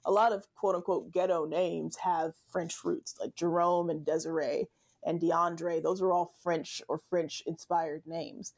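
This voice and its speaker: A woman's voice: lowish voice, fairly even intonation, a little slow, darkish tone. A woman chatting casually as a guest, full of fillers and frequent laughter. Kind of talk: casual conversation. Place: Southern United States.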